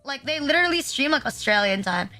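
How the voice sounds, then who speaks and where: High, bright young woman streamer. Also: animated, fast talker, faint music behind. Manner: rambling, heavy use of the filler "like", with self-deprecating laughs. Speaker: VTuber streamer. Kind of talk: casual live-stream chat.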